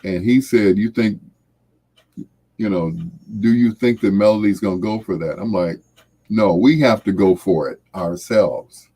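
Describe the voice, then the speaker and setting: A man hosting a late-night radio show, talking in a slow, reflective, heartfelt way and trailing off softly. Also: lowish voice, breathy edge. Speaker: radio host.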